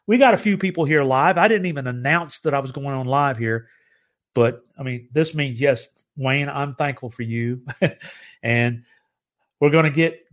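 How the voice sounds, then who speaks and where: A middle-aged man from the United States hosting a live stream, talking earnestly with halting restarts and growing emotional. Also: medium pitch. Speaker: live show host. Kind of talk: heartfelt live-stream talk.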